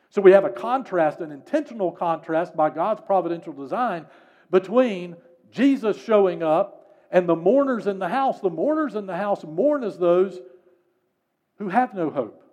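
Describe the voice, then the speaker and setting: A male pastor preaching a sermon and reading scripture aloud, pressing key words with emphasis, then letting the ends of his lines fall soft and low.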